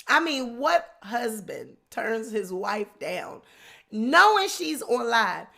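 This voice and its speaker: Sassy, bright-voiced woman gossip host. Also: fairly high pitch, very animated, slow pace, creaky. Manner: sassy, mocking. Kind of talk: comedic commentary.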